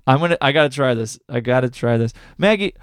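A man's voice: mid-range voice, expressive, fast talker, clean tone, no echo, clean studio sound. A young man co-hosting a podcast, chatting casually and joking through rambling stories. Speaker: podcast co-host. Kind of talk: casual chat.

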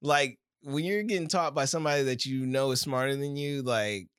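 A man's voice: mid-range voice, normal speed, fairly bright tone, smooth, no echo, clean studio sound. A man telling funny stories in a casual podcast chat, laughing often and acting out what people said. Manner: laughs through his stories, acts out quotes. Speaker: comedian guest.

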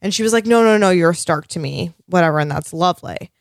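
An animated woman co-hosting a casual TV recap chat, swearing freely and gushing. Her voice sits a little low for a woman. The sound is dry and close. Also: fast, dry recording. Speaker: podcast co-host.

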